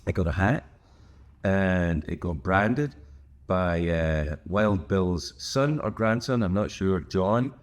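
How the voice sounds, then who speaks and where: A man's voice: deep voice, animated, slow. An older man with a Scottish accent, hosting a casual solo chat in a hotel room, rambling and joking with lots of asides and restarts. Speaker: host.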